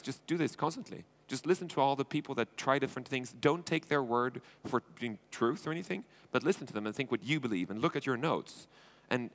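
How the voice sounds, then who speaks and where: A man's voice: medium pitch, fairly bright tone. A man from Sweden giving a conference keynote, informal and blunt, acting out little dialogues with swearing asides. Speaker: conference speaker, entrepreneur and investor. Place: conference stage.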